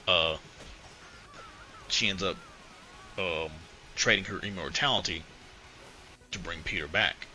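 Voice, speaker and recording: A man's voice: deep voice, slow, pauses often, pushed and bright, a little hiss or hum, rough recording. A man co-hosting a casual podcast, retelling comic book plots in a rambling way, with a lot of "you know" and swearing. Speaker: podcast co-host.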